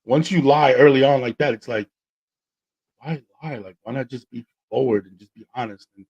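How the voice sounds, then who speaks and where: A man hosting a podcast, telling stories in a casual, slangy, animated way and acting out what people said. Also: medium pitch, brisk, gravelly, breathy edge, muffled recording. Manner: animated, slangy, acts out quotes. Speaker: podcast host. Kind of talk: casual storytelling chat.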